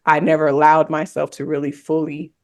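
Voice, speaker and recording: A woman's voice: sits low, monotone, brisk, a little mellow. A woman on a podcast panel, candidly and reflectively telling a personal story in casual conversation.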